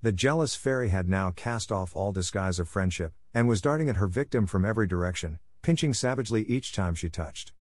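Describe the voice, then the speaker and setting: Male audiobook narrator, low voice, expressive measured storybook read, dry close mic. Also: no room sound.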